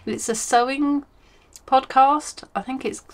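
A woman's voice: sits high, steady tone, slow. A woman hosting a crafting podcast from home, chatting casually and rambling, with many ums and self-corrections. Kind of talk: casual chat.

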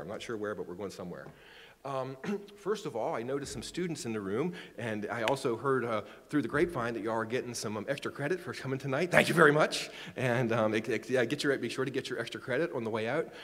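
Guy in his 40s giving a talk, lots of jokey asides and restarts, hall reverb. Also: medium pitch. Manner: chatty, self-joking, many restarts. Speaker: astronomy lecturer. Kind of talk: public lecture. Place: lecture room.

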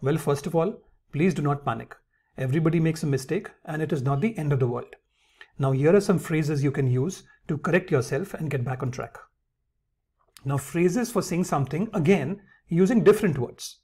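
A man with a somewhat high, husky voice gives an English lesson. His tone is mellow and relaxed, and he calls his viewers friends while reading example phrases aloud. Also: normal speed. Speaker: English teacher. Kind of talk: instructional lesson.

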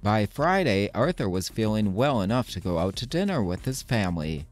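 A man reading a children's storybook aloud, slow and expressive, signing off warmly as host. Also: on the low side, faint music behind.

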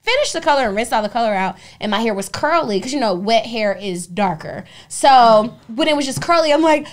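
Animated profane woman telling stories. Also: a little high, brisk, few pauses. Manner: animated, profane, acts out voices in her stories. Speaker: podcast co-host. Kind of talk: casual podcast storytelling.

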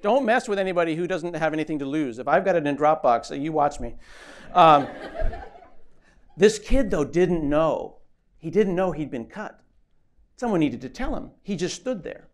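Man, keynote speaker, comic, animated, acts out voices, slightly high voice, conference stage. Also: moderate pace. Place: conference stage before an audience.

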